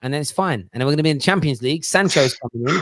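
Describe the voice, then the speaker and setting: A man hosting a lively football fan panel, full of quick teasing banter. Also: on the high side, no echo, clean studio sound. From England. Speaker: host of a football fan show.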